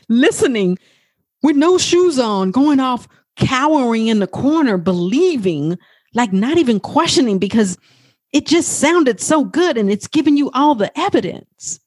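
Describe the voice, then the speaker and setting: A woman life coach hosting a motivational podcast, talking in an animated, profane way. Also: slow pace, husky, no room sound, clean studio sound. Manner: animated, profane, acts out quoted talk in a high voice.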